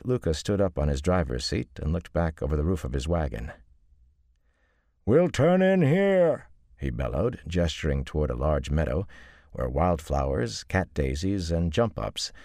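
Very deep-voiced male audiobook narrator. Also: gravelly, darkish tone, no echo, studio quality. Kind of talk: scripted narration.

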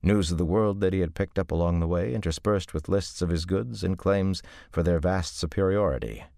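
This is scripted audiobook narration from a man with a gravelly, extremely low bass voice that rumbles. He reads calmly and steadily, and the close, dry recording carries no echo or room sound.

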